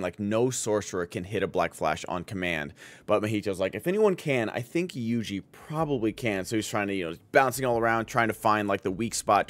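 A man's voice: lowish voice, no room sound. A man streaming and chatting casually, enthusiastic and rambling, with lots of filler words. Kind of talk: casual chat.

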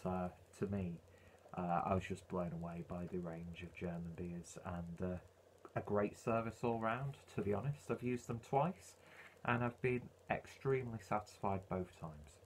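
A man's voice: low-pitched, a little slow, a little hiss or hum. A man reviewing a beer in a casual, rambling way, full of ums and uhs.

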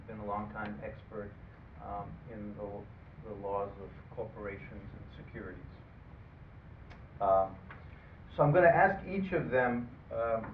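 Man moderating a panel, halting and tinny. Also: lowish voice. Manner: halting, many fillers, dry asides. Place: conference room. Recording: phone-like, roomy, distant, faint hiss.

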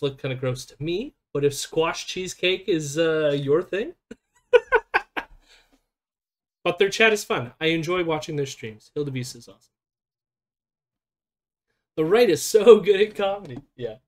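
A stream host chatting casually and reacting, rambling with lots of fillers. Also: medium pitch. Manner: rambling, chatty, laughs often.

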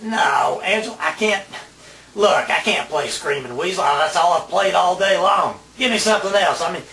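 A man's voice: high-pitched, normal speed, gravelly, sharp tone, reverberant, distant mic. A man playing a radio DJ in a comedy sketch, grumbling, exasperated and sarcastic.

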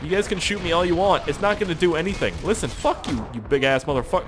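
A young man casually commenting on his gameplay with excitable, profane wisecracks. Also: on the high side, quick pace, hardly any pauses, slight background noise. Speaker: gaming channel host. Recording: loud gunfire and game audio behind. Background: game gunfire and explosions.

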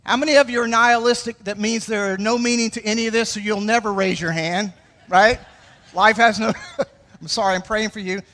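High bright Southern pastor in a hall. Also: male voice, fairly even intonation, brisk. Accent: American Southern. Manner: joking, playful crowd interaction. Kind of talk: sermon. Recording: long reverb of a church hall.

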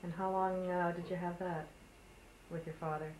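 A woman's voice: lowish voice, little pitch movement, moderate pace, a little mellow. A woman interviewer asking brief, prompting questions in an oral history recording with a roomy sound. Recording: roomy tape with faint hiss.

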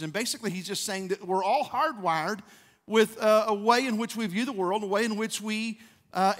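A man's voice: high voice, a bit bright. A man, preaching a conversational sermon as a pastor and acting out quotes with growing fervor. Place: church sanctuary. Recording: long church hall reverb.

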